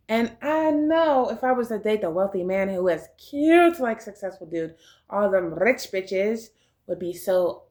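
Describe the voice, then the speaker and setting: A woman vlogger in a loose monologue, preachy and defiant, drifting between half-sung lines and plain talk. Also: medium pitch. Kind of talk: improvised sung and spoken monologue.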